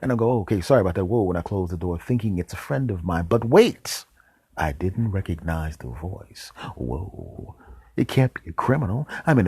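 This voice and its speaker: A man hosting a podcast, telling a comic story in a deadpan way with dramatic pauses and whispered asides. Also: low-pitched, husky. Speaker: podcast host.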